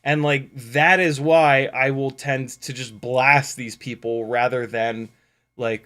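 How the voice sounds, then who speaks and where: A man hosting a casual livestream, ranting sarcastically and profanely with frequent laughs and big swings in loudness. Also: mid-range voice, slow pace. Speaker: YouTube host.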